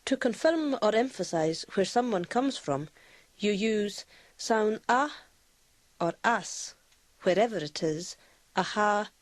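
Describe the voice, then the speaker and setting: Lady reading a language lesson, slow and measured, dry close mic. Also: mid-range voice, animated, dry recording. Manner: measured, explaining with repeated examples. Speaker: language teacher. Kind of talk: scripted language lesson narration.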